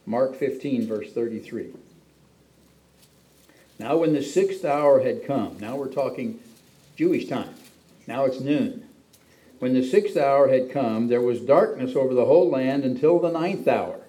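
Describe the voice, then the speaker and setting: A man delivers a sermon as a pastor, reading scripture and then unpacking it. His voice is mellow and warm, sitting in a middle pitch range. He often lifts his voice for emphasis. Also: low-quality recording. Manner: reads scripture then explains it, with frequent emphatic pitch rises.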